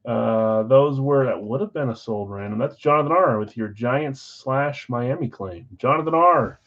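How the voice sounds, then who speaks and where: A man hosting a live-streamed card break, chatting with viewers and calling out countdowns in an energetic, auctioneer-like way. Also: mid-range voice, muffled recording. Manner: auctioneer-like rapid calls.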